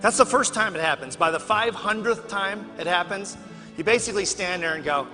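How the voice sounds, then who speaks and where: A man from Chicago giving a keynote speech, telling animated stories and acting out other people's lines in a large convention hall. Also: high voice, a little fast, music in the background. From Chicago, USA. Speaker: keynote speaker.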